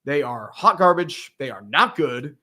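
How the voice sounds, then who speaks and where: Guy hosting a sports show, kinda high voice, cusses constantly and rambles. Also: animated, a little slow, sharp tone. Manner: profane, rambling, blunt. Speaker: podcast host. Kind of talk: casual sports livestream chat.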